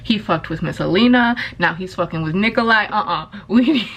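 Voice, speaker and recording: A woman in her twenties, a book vlogger, chatting casually into her camera in an excitable, gushing way, swearing now and then. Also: mid-range voice, fairly quick, a little hiss or hum. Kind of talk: casual vlog chat.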